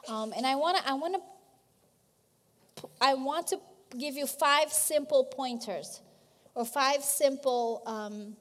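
Woman pastor, high voice, conversational emphatic sermon, long hall echo. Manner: conversational preaching, restarts mid-phrase, emphatic.

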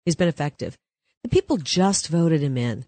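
A woman's voice: sits low, animated, moderate pace, warm tone, no echo. A woman speaking as a guest on a political talk show, in an emphatic, confident manner. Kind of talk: casual political interview.

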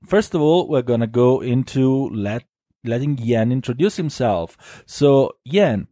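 A man's voice: medium pitch, expressive, measured pace, dark tone, dry recording. A talkative man with an Italian accent hosts a casual podcast, joking and teasing his co-host. His voice sits mid-range, and it is recorded dry and close, with no room sound. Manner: chatty, laughing, teasing.

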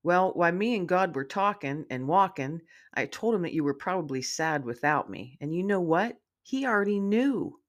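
A woman voicing an excited young male dog spirit, eager and sweet, in a spoken storybook. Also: lowish voice, normal speed, hardly any pauses, lightly acted. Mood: playful.

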